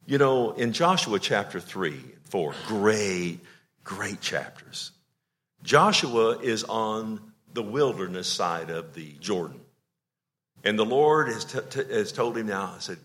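Middle-aged guy preaching, kinda low voice, gets loud then goes real quiet. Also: lively intonation, takes it slowly. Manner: emotional preaching, swings from loud to hushed. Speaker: pastor. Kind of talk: sermon.

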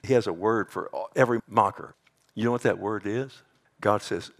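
A middle-aged man preaching a sermon as pastor, animated, jumping up to a high mocking voice when he quotes scoffers. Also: moderate pace.

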